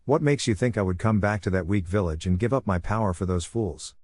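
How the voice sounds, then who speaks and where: A man's voice: brisk, a little mellow, breathy edge, no echo, clean studio sound. A man voicing an arrogant, sneering teenage rival ninja in a fan-fiction audiobook. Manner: sneering, then shrill and defensive.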